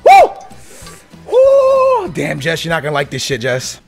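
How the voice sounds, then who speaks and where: A man hosting a gaming channel, teasing his opponent with loud whoops and casual banter. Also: fairly high pitch, fairly even intonation, fast talker, gravelly, soft background music.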